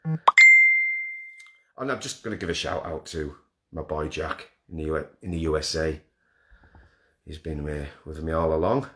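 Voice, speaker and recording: A man's voice: rumbling low, a little slow, pauses often, bright, forceful tone. Man, self-deprecating live-stream host, joking and rambling, recorded at home with roomy echo. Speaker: festival host announcing winners. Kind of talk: casual live-stream hosting. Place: front room at home. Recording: roomy front-room echo.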